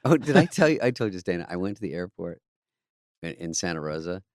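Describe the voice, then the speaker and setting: A man's voice: sits low, sing-song, fast talker, a little mellow, dry recording, studio quality. A man co-hosting a podcast in casual chat, telling stories in a sarcastic, swearing way. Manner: sarcastic storyteller, swears freely. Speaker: podcast co-host.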